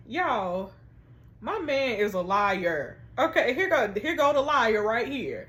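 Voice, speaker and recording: A woman reading a text-message story aloud and reacting with animated, sassy commentary. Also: fairly high pitch, moderate pace. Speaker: story reader and host.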